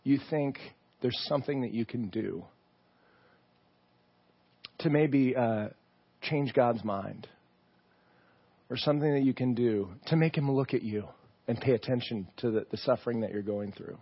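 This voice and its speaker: A man preaching a sermon as pastor, telling the story with animated asides and rhetorical questions. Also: medium pitch, measured pace, long pauses, slightly rough, lo-fi sound.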